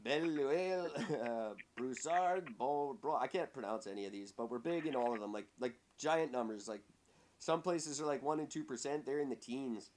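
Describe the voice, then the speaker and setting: A man's voice: mid-range voice, normal speed, darkish tone. A Canadian man hosting a casual chat, joking and rambling in an upbeat way. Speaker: podcast host.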